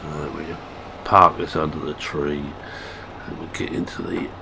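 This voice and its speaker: A gaming channel host with a Scottish accent plays a farming game, offering casual, self-deprecating commentary and thinking aloud as he goes. His very deep voice barely moves in pitch, runs a little slow and has vocal fry. Game engine and vehicle noise sit behind him.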